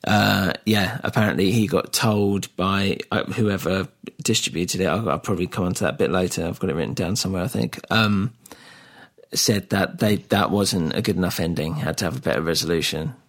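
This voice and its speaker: A man's voice: deep voice, fairly quick. Podcast host laughing man recapping a film. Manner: amused, recapping a plot with laughs and mock quotes. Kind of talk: casual film-review chat.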